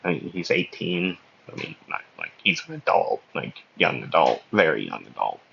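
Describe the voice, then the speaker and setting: A man's voice: deep voice, sing-song, moderate pace, gravelly, pushed and bright, slightly rough. A man casually telling an anime fan story, rambling and hesitant, with many fillers and self-corrections, on a slightly muffled recording. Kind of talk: casual spoken fan fiction.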